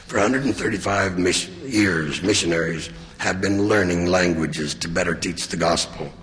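Deep-voiced man preaching in a large hall. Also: a bit bright. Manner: measured, earnest, deliberate. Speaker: church leader. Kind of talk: sermon. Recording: long reverb of a large hall.

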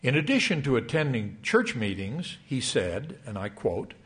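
An older man delivering a sermon to young adults, reading scripture in a measured, emphatic way. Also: medium pitch, big pitch swings, fairly bright tone. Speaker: church speaker.

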